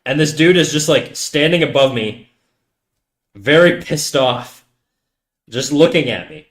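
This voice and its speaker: A man live streaming, telling a story to his chat in a casual, animated and profane way. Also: on the high side, measured pace.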